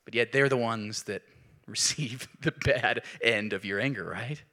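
A man preaching a sermon in an animated way, rising to emphatic peaks. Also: medium pitch, unhurried. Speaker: pastor.

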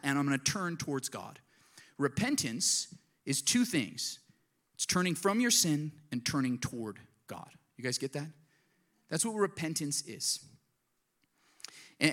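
A man's voice: fairly high pitch, fairly bright tone. A man preaching a sermon to his congregation, earnest and conversational, often asking them direct questions. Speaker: pastor.

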